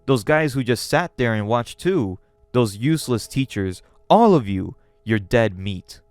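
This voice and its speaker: A man's voice: medium pitch, expressive, a little slow, a little mellow, soft background music, close to an everyday voice. A man voicing a vengeful, furious male giant who judges sinners, speaking in a threatening, raised voice.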